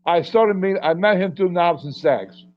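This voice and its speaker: A man's voice: high voice, moderate pace, no room sound. A middle-aged man, a pro wrestler as podcast guest, telling rambling anecdotes and chuckling between lines. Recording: dull, dry lo-fi audio.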